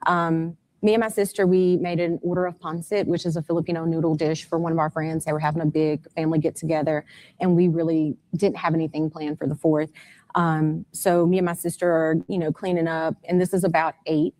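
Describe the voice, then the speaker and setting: A woman's voice: deep voice, flat delivery, fairly quick, a little mellow. A woman speaking as an interview guest, a mother telling events step by step in detail and growing urgent and frantic. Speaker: guest, mother of a missing son.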